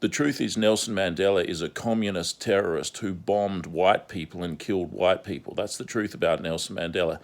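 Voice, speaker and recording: A man delivering a repetitive, insistent monologue as an online commentator. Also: sits low. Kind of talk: ranting monologue vlog.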